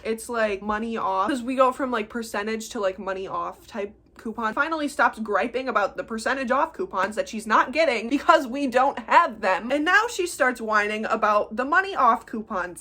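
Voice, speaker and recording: A woman's voice: fairly high pitch, sharp tone. A teenage girl telling a story in a casual vlog, chatty and exasperated, with lots of "like". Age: teens. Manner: mocks customers in put-on voices. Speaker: vlogger.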